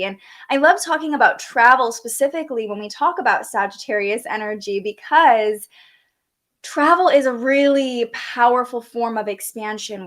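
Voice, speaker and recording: A young woman hosts a live astrology forecast, her voice sitting a little high. She talks in a bright, chatty, upbeat way, greeting viewers and reading out their comments. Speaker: astrology show host.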